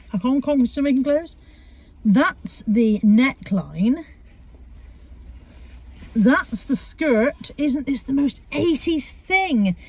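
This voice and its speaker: A middle-aged woman talks casually from inside a car, wandering through her charity shop finds with self-mocking humour for a chatty haul video. Her voice is on the high side and a little mellow, recorded with no echo.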